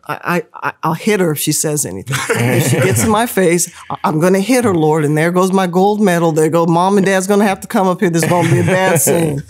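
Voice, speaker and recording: Animated storytelling woman, laughing often. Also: lowish voice. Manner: lively, laughs often, acts out quoted voices. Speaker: podcast guest.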